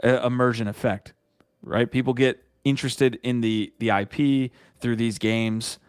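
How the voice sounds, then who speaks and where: A man's voice: medium pitch, steady tone, a little slow, smooth, dry recording. Rambling man hosting, dry sound. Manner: rambling, restarts often, laughs. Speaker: podcast host. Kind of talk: casual chat.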